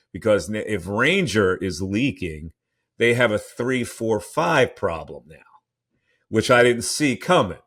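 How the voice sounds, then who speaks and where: Opinionated low-voiced sports talk host. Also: male voice, a bit bright. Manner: opinionated, rambling, frequent restarts. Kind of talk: solo sports talk podcast.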